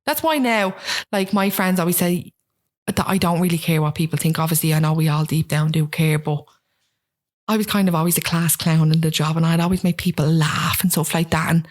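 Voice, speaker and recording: A woman's voice: deep voice, fairly quick. Irish woman from dublin, 30s, chatty guest telling stories, does the voices of people she quotes. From Ireland. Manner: animated storytelling, acts out quoted voices. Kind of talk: casual interview chat.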